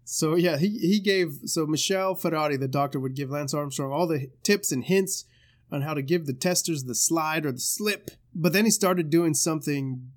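A man co-hosting a podcast in casual chat, telling stories loosely with swearing, jokes and quick put-on voices. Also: a little high. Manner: loose, swearing storyteller who does voices and laughs often. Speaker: podcast co-host.

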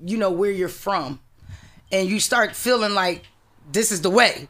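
A middle-aged woman in loose, casual podcast chat. She is a loud, animated storyteller who breaks into laughter, and her voice is bright and forceful. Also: mid-range voice, measured pace. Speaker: podcast guest.

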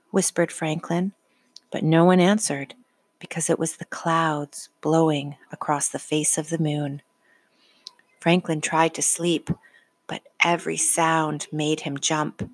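A woman reading a children's storybook aloud in a gentle, unhurried way. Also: fairly low pitch, dry recording.

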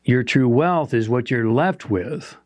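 A man's voice: mid-range voice, animated, takes it slowly, no room sound, clean studio sound. A man co-hosting a motivational talk show, speaking earnestly and asking the listener rhetorical questions. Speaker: podcast co-host.

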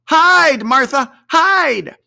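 A reader voicing two excited young children, a boy and a girl, shrieking with breathless excitement in an audiobook. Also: high voice, extremely slow, vocal fry, voice pushed up, heavily acted. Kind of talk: audiobook character voice.

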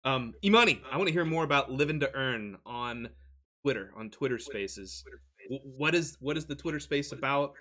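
A man's voice: medium pitch, lively intonation, normal speed, pushed and bright. A man, a podcast host, joking and laughing in casual chat. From southeastern USA. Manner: enthusiastic, joking, laughs often.

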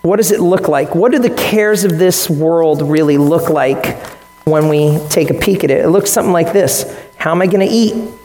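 Man, pastor mid-sermon; animated, quips to the room, voices his examples; echoey hall with a long tail. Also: a little high, moderate pace, faint music behind. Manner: animated, joking asides, acts out quoted voices. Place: church sanctuary with congregation.

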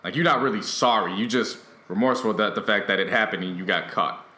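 A man co-hosting a podcast in casual chat, laying out his opinions with steady reasoning. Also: lowish voice, fast talker, reverberant. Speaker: podcast co-host.

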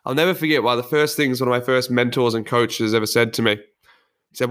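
A man gives a solo motivational monologue on personal development, speaking earnestly, candidly, and reflectively. His voice is at an ordinary middle pitch for a man, a bit bright, with a flat delivery at a fairly quick pace.

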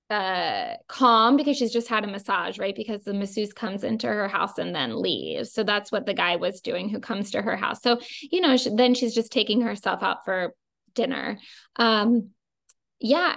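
A woman's voice: mid-range voice, vocal fry, a bit bright. A woman telling stories as a costume designer guest, chatty and full of fillers. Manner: chatty, filler-heavy with frequent "like". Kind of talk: casual interview storytelling.

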